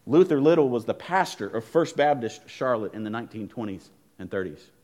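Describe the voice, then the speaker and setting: A man preaching a sermon as pastor, telling stories emphatically and swinging between loud emphasis and hushed lines. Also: medium pitch, expressive, a little fast.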